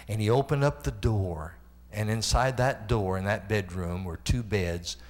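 A man's voice: measured pace, darkish tone. Man preaching a heartfelt testimony. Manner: rises to impassioned, high-pitched preaching. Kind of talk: sermon testimony.

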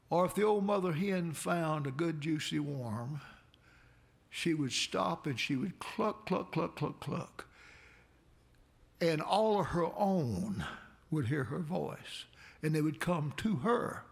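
A man preaching a sermon, with dramatic swells that build to near shouts. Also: lively intonation, a little slow, creaky. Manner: dramatic preaching with sudden swells in pitch and loudness.

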